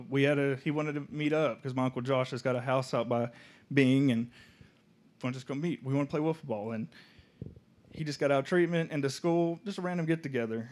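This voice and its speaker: Young man telling his story. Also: mid-range voice. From Oklahoma. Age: young adult. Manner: casual, halting, soft-spoken at moments. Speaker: student speaker. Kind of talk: personal testimony storytelling.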